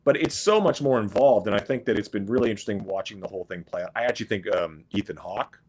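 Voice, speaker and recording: A middle-aged man talks as a podcast guest, his voice sitting fairly low. He wanders through his points in a loose, conversational way, often restarting sentences and adding asides. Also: fast talker, darkish tone, slightly rough. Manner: rambling, frequent restarts and asides. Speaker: guest musician. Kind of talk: casual podcast chat.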